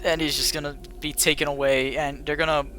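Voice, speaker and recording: A man's voice: a little high, little pitch movement, a little fast, sharp tone, slight background noise. A man narrating as game master of a tabletop game, casual and rambling, with frequent swearing.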